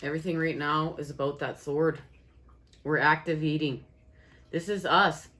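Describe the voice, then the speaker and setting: This tarot reader has a deep, fairly bright voice with mostly even intonation. Speaking straight to her audience as "guys," she gives an eager channeled astrology and tarot reading, circling back over her phrases and rewording them rapidly.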